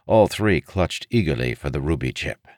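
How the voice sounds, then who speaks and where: A man narrating a fantasy novel in a measured, expressive storytelling manner. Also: a bass voice, no room sound, studio quality. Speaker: audiobook narrator.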